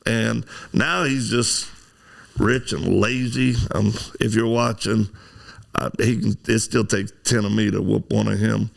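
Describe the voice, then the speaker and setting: A man's voice: fairly low pitch, steady tone, a little slow, creaky. A man hosting a casual conversation who rambles and gives encouraging advice, with a lot of fillers. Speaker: host. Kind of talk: casual chat.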